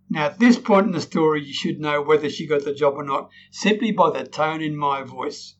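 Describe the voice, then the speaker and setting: A man with a fairly high voice coaches an audience on storytelling, acting out sample lines and tagging his points with "right?". The recording is dull and lo-fi, with a faint hiss underneath. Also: moderate pace, hardly any pauses. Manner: demonstrates tones, frequent "right?" tag questions. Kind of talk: recorded lesson.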